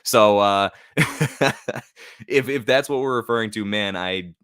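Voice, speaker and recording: Low-voiced American man rambling on a stream. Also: measured pace, fairly bright tone, clear, resonant tone, no room sound, studio quality. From United States. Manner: rambling, loose and chatty with many fillers. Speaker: live stream host. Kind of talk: casual live stream commentary. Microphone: new studio mic.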